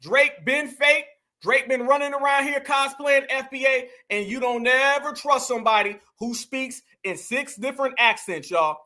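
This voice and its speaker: A man's voice: very high voice, normal speed, pushed and bright. A man hosting an opinionated commentary stream, emphatic and preachy, calling out to his viewers. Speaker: commentary host.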